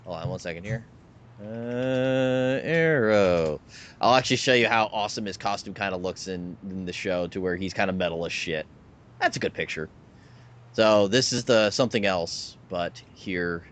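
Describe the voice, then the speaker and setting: A man's voice: lowish voice, moderate pace, a bit bright. A man co-hosting a casual podcast chat, animatedly explaining a show and pointing out pictures. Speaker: podcast co-host.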